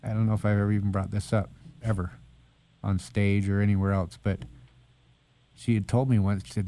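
Man, lowish voice, mellow dark tone, earnest storyteller, dry close recording. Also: flat delivery, a little fast, long pauses, no room sound. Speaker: author and speaker. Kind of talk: conversational interview.

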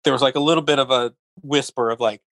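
A man's voice: medium pitch, fast, no echo. A male comedian and writer, a guest on a chat show, telling a long funny anecdote with laughs and acted-out quotes. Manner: animated anecdote-teller who keeps acting out quotes; laughs often mid-story. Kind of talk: casual storytelling chat.

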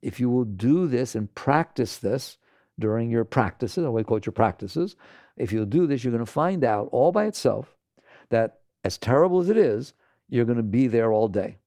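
Man, meditation teacher, gravelly voice, mellow tone, chatty spiritual talk, asks the audience questions. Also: medium pitch, expressive, normal speed, dry recording, studio quality. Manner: conversational, often checks in with listeners.

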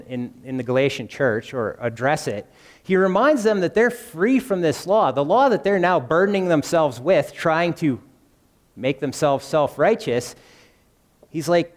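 Male preacher, fairly high voice, chatty sermon style, long church-hall echo. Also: animated, measured pace. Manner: conversational, asks the congregation questions.

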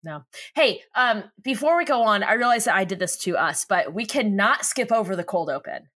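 A woman's voice: mid-range voice, expressive, moderate pace, a bit bright. A woman co-hosting a podcast in casual chat, playful and teasing, laughing often. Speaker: podcast co-host.

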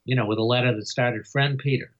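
Older male biographer, low husky voice, chuckling anecdotal delivery, muffled lo-fi recording. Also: steady tone. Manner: chuckles often, halting with fillers. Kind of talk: interview storytelling. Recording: dull lo-fi recording.

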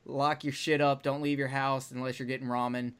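A man's voice: medium pitch, flat delivery, fairly quick, clear, resonant tone. A man hosting a podcast in loose, profane, joking casual chat. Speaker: podcast host.

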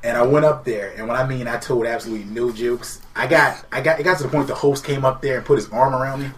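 A man's voice: medium pitch, fast, slight background noise. Young man telling stand-up stories. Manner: laughing, animated retelling with quoted voices. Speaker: comedian guest. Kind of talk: casual storytelling. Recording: distant mic, loud group chatter.

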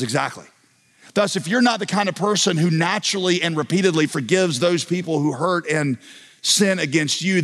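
A man preaches a sermon, retelling a parable with lively storytelling and acting out each character. His voice sits a little high for a man. The sound carries a long reverb from a large church hall. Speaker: pastor.

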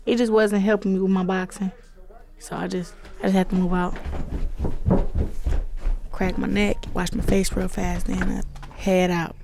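A woman's voice: mid-range voice, level tone, unhurried, gravelly, long pauses, background noise. A teenage girl from Flint, Michigan, speaking casually and reflectively into a tape recorder for her personal audio diary. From Flint, Michigan, United States. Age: teens. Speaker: boxer keeping an audio diary. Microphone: handheld tape recorder.

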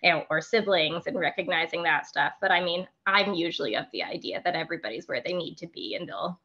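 A woman's voice: on the low side, fairly quick, sharp tone, muffled recording. A woman working as a preschool teacher, chatting casually and animatedly, with "like" filling much of her speech. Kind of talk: casual storytelling chat.

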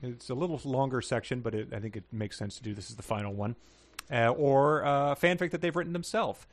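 A man's voice: mid-range voice, fairly quick. A man co-hosting a podcast, chatting casually and reading passages aloud with small stumbles. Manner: reads passages plainly with small stumbles and chuckles. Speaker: podcast co-host reading listener submissions.

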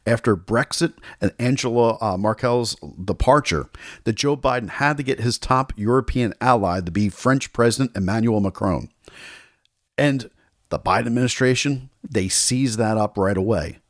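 A man's voice: lowish voice, dry recording, clean studio sound. An American man hosting a political talk show, delivering an indignant, sarcastic monologue.

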